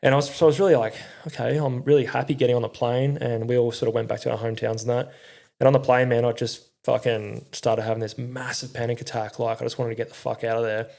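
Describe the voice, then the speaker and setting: A man's voice: mid-range voice, level tone, quick pace, vocal fry, a little mellow. A middle-aged Australian man telling his story in a candid, rambling way, swearing often and using slang. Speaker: podcast guest, former army crew commander.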